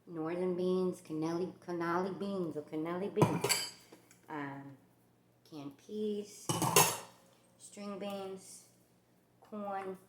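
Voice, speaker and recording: Woman, New York accent, low voice, chatty and rambling, echoey kitchen, background noise. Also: steady tone, slow pace, pauses often. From New York and New Jersey area. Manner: chatty, rambling, with many fillers. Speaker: cooking channel host. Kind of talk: casual cooking demonstration. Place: home kitchen.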